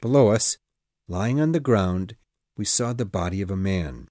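A man narrating an audiobook in a dramatic, measured storytelling manner. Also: lowish voice, expressive, warm tone, no room sound, studio quality. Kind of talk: scripted narration.

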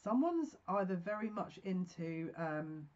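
A woman's voice: lowish voice, big pitch swings, unhurried, a little mellow, highs cut off. A woman giving a pick-a-card tarot reading, effusive and emotional, talking in bursts with restarts.

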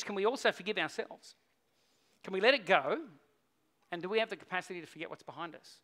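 Bright-voiced man preaching a sermon. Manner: storytelling, swinging from loud urgent peaks to low quiet stretches. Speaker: pastor.

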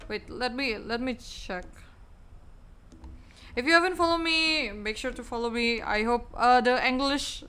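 A woman's voice: on the high side, a little slow, bright, forceful tone, smooth. A young woman with an Indonesian accent, a game streamer chatting casually and rambling through her sign-off, repeating words and goodbyes.

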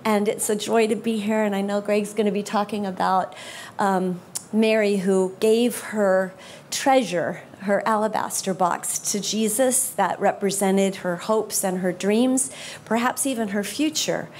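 A woman gives a heartfelt testimony to a congregation at a mid-range pitch. Her delivery is earnest and sincere. Faint room ambience hums behind her. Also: fairly even intonation, measured pace, a little mellow, a little hiss or hum. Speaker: guest speaker. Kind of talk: personal testimony in church.

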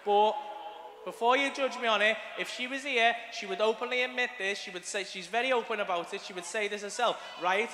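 A man's voice: high-pitched, a little fast, sharp tone, slight background noise. A man with a Liverpool accent doing a crude, swearing stand-up routine on a comedy club stage. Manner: crude, swearing, acts out scenes in voices. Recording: live club recording with hall reverb and audience.

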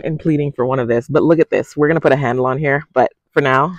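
A talkative, excitable man gives a casual tour of his home garden. He speaks at a middling pitch on a handheld phone outdoors, and the sound is dry, with no room echo. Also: fast, few pauses. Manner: chatty, excitable, often says "y'all". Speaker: garden vlogger. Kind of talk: casual walk-through vlog.

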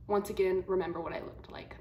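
A woman's voice: fairly low pitch, fast. Blunt, slangy twenty-year-old woman in a roomy room. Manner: blunt, slangy, animated retelling. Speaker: vlogger. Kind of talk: casual storytelling to camera. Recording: roomy echo, faint room hum.

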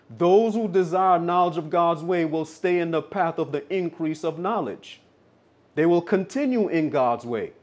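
A man's voice: on the high side, darkish tone. A man preaching a sermon, insistent and repeating his points for emphasis.

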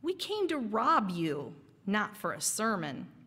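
Lady reading a gruff teen gang leader, demanding, slow, echoey. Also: mid-range voice, wildly swooping pitch, fairly bright tone, full character voice. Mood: threatening. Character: threatening teenage male gang leader.

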